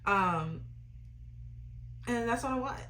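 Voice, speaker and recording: A young adult woman hosting a podcast, giving emphatic faith-based advice in a lively, ranting way, often asking "you know what I'm saying.". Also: fairly high pitch, takes it slowly, slight background noise. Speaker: podcast host.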